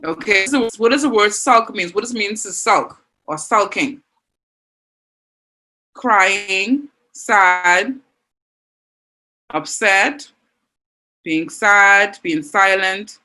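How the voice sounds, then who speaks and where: A woman's voice: medium pitch, expressive, very slow, pauses often, sharp tone, poor audio. Encouraging Bahamian woman teaching online. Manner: encouraging, reads out student answers. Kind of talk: online class lesson.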